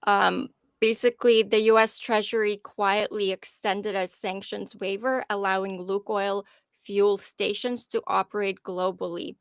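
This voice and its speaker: A woman's voice: medium pitch, fairly even intonation, a little slow, smooth, no echo. A woman in a casual political discussion, chiming in conversationally and recounting news. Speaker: podcast co-host.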